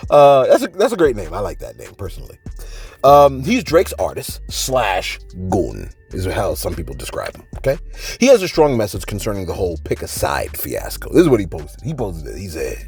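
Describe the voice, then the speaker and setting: A man hosting a celebrity gossip channel, talking casually to viewers with animated rhetorical asides and repeated words. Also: on the low side, brisk, faint music behind. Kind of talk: casual gossip commentary to camera.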